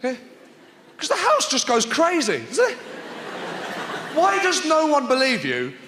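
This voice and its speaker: A man performing stand-up comedy on a theatre stage, animated and often shouting. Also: very high voice, a little slow. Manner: animated, shouting bits and put-on voices. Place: large theatre stage with live audience. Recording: echoey hall with crowd noise.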